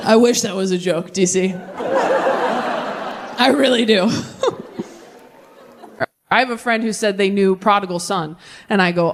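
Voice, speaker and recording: A woman's voice: medium pitch, big pitch swings, measured pace, pauses often, a faint crowd. A woman performing a stand-up comedy set on a club stage, brash and self-deprecating, talking frankly to a live audience.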